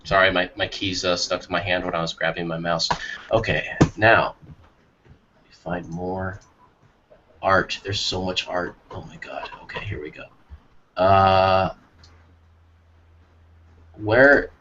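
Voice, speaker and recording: Excitable guy cohosting a podcast, lowish voice, dull lo-fi sound. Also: noisy background. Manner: excitable, quick to exclaim. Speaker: podcast co-host. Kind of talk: casual chat.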